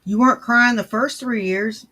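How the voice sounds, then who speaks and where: A man's voice: very high-pitched, normal speed, pushed and bright. A male commentary host reacting to clips in a crude, profane, sneering manner.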